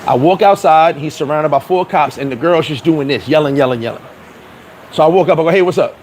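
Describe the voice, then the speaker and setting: A man's voice: on the high side, brisk, darkish tone, a little hiss or hum, poor audio. A man giving blunt, profane, streetwise advice in a casual monologue, acting out the dialogue of the people he talks about. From New York. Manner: acts out dialogue in quoted voices. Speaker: vlogger.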